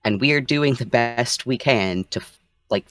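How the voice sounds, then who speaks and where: Man player; halting, hesitant, dry close sound. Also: mid-range voice, a bit bright, no echo. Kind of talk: casual tabletop play.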